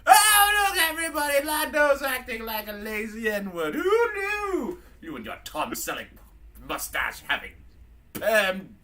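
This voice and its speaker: A man voicing a foul-mouthed, drunk, fussy male robot butler with a put-on British accent and shrill squawking outbursts. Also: huge pitch swings, unhurried, pushed and bright, exaggerated voice. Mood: jeering.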